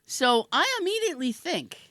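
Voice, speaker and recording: A woman hosting a podcast, telling a comic story in a casual, animated way and laughing often. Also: sits high, normal speed, dry recording. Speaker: podcast host.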